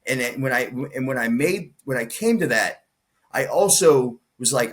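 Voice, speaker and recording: A man's voice: medium pitch, moderate pace. Man animatedly retelling a story. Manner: animated retelling, acts out quoted dialogue, frequent restarts. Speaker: podcast guest. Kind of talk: storytelling in casual conversation.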